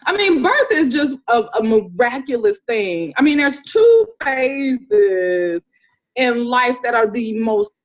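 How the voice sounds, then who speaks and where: A woman doula telling stories in a casual interview, animated and acting out the people she describes. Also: fairly high pitch, slow pace. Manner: animated storyteller, acts out voices, laughs often. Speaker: doula, podcast guest. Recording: dull lo-fi sound.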